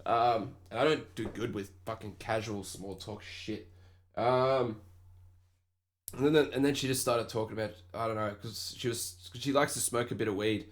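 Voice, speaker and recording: A man's voice: lowish voice, fairly even intonation, normal speed. Profane young Australian man ranting. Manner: profane, rambling storytelling with mocking quoted voices. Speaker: podcast host. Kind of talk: casual ranting monologue.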